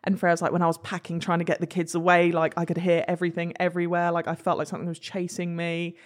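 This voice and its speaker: A woman's voice: on the low side, quick pace. A young woman, telling a story in casual chat, swearing freely and acting out the voices of other people. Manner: animated, swears freely, acts out quoted voices. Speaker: guest.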